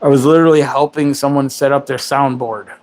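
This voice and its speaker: A man's voice: mid-range voice, fairly even intonation, a little fast, darkish tone. A man in his forties hosting a livestream. He rambles in casual chat and makes crude, self-mocking jokes. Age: 40s. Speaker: livestream host.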